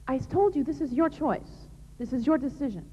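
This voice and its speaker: A woman with a high, dark-toned voice speaks at a normal speed, giving an earnest, emphatic, plain-spoken religious talk on chastity to young people. The dull lo-fi recording captures a large, reverberant hall.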